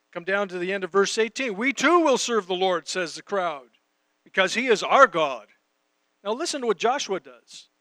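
High-voiced man preaching a sermon. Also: a bit bright, smooth, dry recording. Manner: conversational, with scripture readings and asides to the audience. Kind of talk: sermon teaching.

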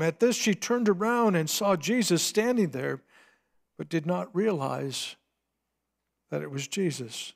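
A man preaching a sermon, retelling a scripture scene dramatically, swinging between hushed and emphatic delivery. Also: a little high, animated, unhurried, vocal fry. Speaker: pastor.

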